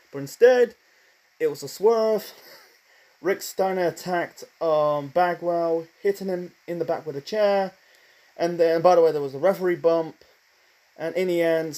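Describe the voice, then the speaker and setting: A man's voice: fairly high pitch, mellow, low-quality recording. Man rambling through a wrestling review. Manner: rambling, many fillers and asides, admits speaking too fast. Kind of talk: casual spoken review monologue.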